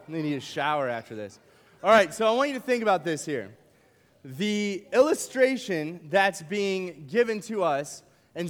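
Animated man preaching in a reverberant hall. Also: sits high. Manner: playful, animated, uses props and jokes with the crowd. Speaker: camp speaker. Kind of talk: youth camp sermon. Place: large hall with a live audience.

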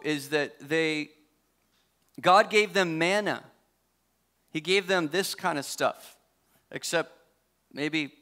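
Bright-voiced pastor, chatty sermon. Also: male voice, a little high. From United States. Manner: conversational, joking asides, frequent self-corrections.

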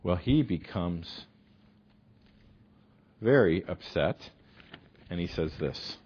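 A man delivers a sermon with a husky, slightly breathy tone. He tells stories with energy, pushing some phrases hard and dropping others almost to a murmur. The recording sounds dull and lo-fi. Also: low voice, slow pace. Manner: animated storyteller, swings from loud to hushed. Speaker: preacher.

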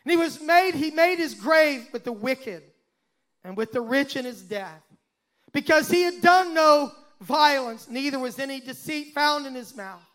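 A pastor preaching a sermon and reading scripture aloud, with dramatic swells and sudden hushes. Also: male voice, extremely high pitch, animated, a little slow. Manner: dramatic, swelling and dropping to a hush.

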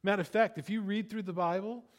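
A middle-aged male pastor delivers a sermon in a high, bright-sounding voice, talking fast and animatedly with a steady tone. He drifts into playful asides and rhetorical questions aimed at his listeners.

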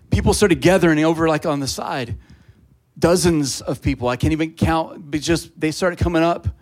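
Pastor telling a story in a sermon. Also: male voice, a little high. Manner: conversational storytelling that rises to loud, fervent preaching.

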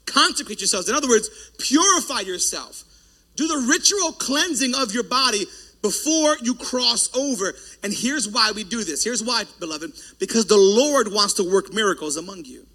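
A man preaching a sermon as pastor, loud and forceful, breaking off for joking asides to the congregation. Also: high-pitched, animated, moderate pace.

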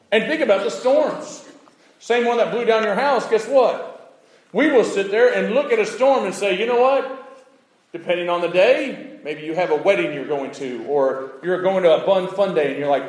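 A man preaching a sermon, animated, acting out little voices and swinging from loud outbursts to hushed asides. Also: sits high, moderate pace, roomy sound, poor audio. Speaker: pastor.

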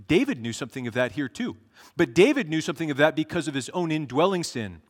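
A man preaching a sermon as pastor, earnestly reading scripture aloud and slowing down for each verse. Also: on the high side, very animated. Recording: long echo of a large hall.

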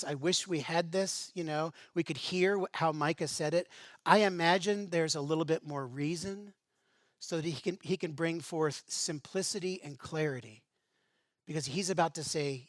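A man preaching a sermon in a relaxed, conversational manner. He keeps drawing listeners in with rhetorical questions. His voice sits a little high for a man, and the recording is dry and close. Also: dry recording. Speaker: pastor.

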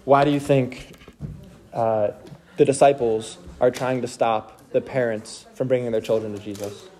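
A young man teaching a youth group from the Bible in a casual, energetic way, often checking in with his listeners. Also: mid-range voice, moderate pace, slight background noise. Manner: energetic, checks in with "okay?" constantly.

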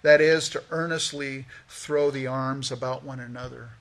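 A male pastor preaching a sermon in a church, talking conversationally with lively asides. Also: mid-range voice, moderate pace. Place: church sanctuary.

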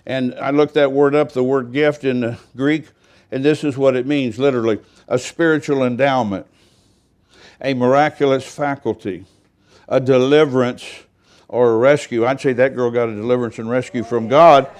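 A man's voice: medium pitch, fairly even intonation, normal speed, darkish tone. An older man, a pastor, telling a story in a rambling, folksy sermon with self-deprecating humor.

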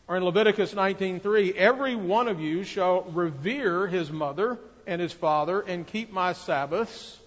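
Pastor, male, earnest measured sermon delivery, slightly higher voice, long church reverb, dull lo-fi sound. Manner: earnest, measured preaching with emphatic rises.

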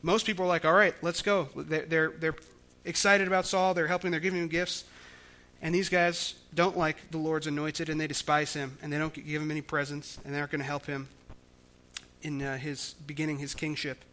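A man's voice: fairly high pitch, level tone, a little fast, sharp tone. A man preaching a sermon, explaining scripture in a conversational way with frequent restarts. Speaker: pastor.

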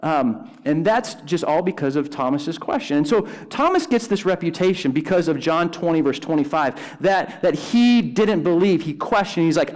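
A man with a slightly high voice preaches in a relaxed, conversational way. He speaks casually and with energy, dropping in everyday slang. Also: unhurried. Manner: casual, animated preaching with frequent "like" and "dude". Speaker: pastor. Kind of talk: conversational sermon.

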